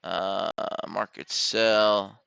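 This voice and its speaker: A man talks through his trades in a slow, unhurried way, with a bright, very clear voice in a dry, close sound. He mutters to himself and corrects his own numbers as he places orders. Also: lowish voice, steady tone, dry recording. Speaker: day trader streaming live trades. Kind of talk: live trading commentary, thinking aloud.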